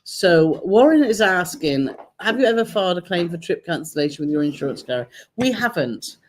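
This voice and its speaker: A woman from Britain co-hosting a casual travel live stream, chatty and quick to laugh as she reads out viewer comments. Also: on the low side, very animated, slight background noise.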